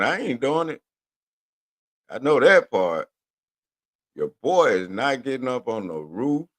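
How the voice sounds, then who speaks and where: A man from Houston, hosting a radio show in a profane, rambling monologue rant. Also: fairly low pitch. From Houston, Texas. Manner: profane, animated, rambling with drawn-out words.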